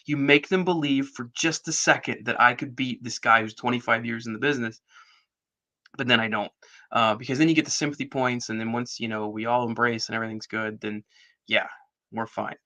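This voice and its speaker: A middle-aged man recounts a story as a podcast guest, slipping into other people's voices for quoted lines. His voice is bright and forceful, with a steady middle pitch. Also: brisk. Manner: animated storyteller, acts out quoted dialogue. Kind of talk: casual storytelling interview.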